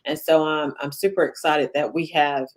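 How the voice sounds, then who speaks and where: A woman's voice: low voice, steady tone, normal speed. Woman host, encouraging interviewer, supportive and conversational. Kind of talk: interview hosting.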